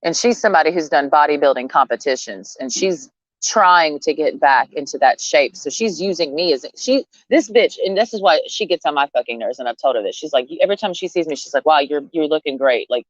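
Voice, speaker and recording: A woman's voice: low voice, expressive, a little fast, no echo, lo-fi sound. A woman ranting bluntly and profanely in a rambling, casual way to camera. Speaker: vlogger.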